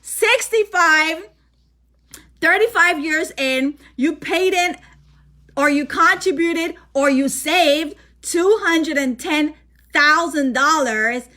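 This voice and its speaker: High bright excited woman presenter. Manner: excited, emphatic, repeats points to the audience. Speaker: financial presenter. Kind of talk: energetic sales presentation.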